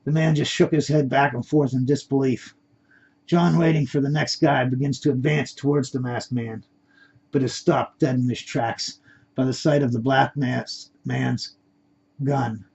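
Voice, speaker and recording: A man's voice: mid-range voice, steady tone, a little slow, gravelly, a little mellow, lo-fi sound, slight background noise. A man reading his own story aloud in a plain amateur way, with stumbles and restarts.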